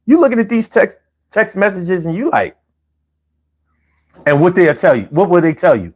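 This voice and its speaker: Man, call-in show host, profane, mocking, very lively pitch. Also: normal speed. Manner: profane, loud and animated, mocking riffs. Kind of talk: casual late-night call-in talk.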